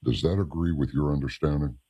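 A man hosting a radio interview, measured and explanatory as he puts questions to a guest. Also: a bass voice, steady tone, dark tone, slightly rough. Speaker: radio show host. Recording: dull lo-fi radio sound.

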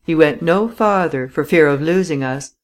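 A reader giving measured, dramatic first-person audiobook narration. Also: medium pitch.

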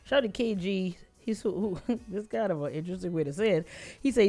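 Fast-talking Bahamian woman explaining. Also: medium pitch, warm tone, faint music behind. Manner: emphatic, explaining firmly. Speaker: podcast co-host. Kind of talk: casual chat.

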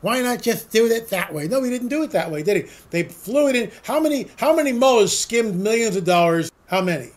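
A man's voice: sits high, animated, a little fast, hardly any pauses. A man hosting a solo political commentary monologue. He rambles, asks sarcastic rhetorical questions and repeats words for emphasis.

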